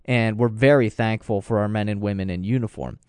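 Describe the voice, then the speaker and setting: A man's voice: lowish voice, fairly quick, darkish tone, clear, resonant tone, no room sound. A man giving rambling, digressive commentary with sarcastic asides. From United States. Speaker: political commentator. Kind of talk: casual talk commentary.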